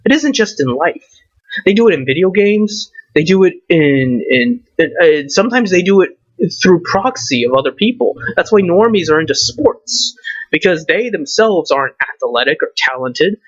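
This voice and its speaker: A man's voice: on the high side, expressive, moderate pace, no room sound. Ranting, swearing man, lo-fi sound. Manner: swearing, ranting, rhetorical questions. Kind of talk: profane rant to camera. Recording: dull lo-fi recording.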